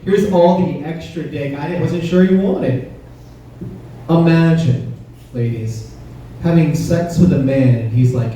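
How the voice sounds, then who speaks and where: A man's voice: on the high side, measured pace, dark tone. A man performing a stand-up comedy set on stage, teasing the crowd with a punchy, conversational delivery. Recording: roomy, distant club recording with faint noise.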